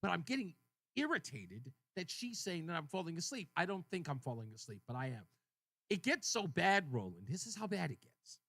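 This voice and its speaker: Male radio host, high bright voice, animated storyteller, dry studio sound. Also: a little fast, dry recording. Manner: animated storytelling, acts out both sides of conversations. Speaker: radio talk show host. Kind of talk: casual call-in radio chat.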